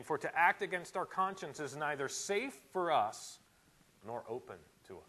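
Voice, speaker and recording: A man preaching a sermon in a church, animated and emphatic, with sudden loud rises. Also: fairly high pitch, moderate pace, low-quality recording. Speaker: pastor.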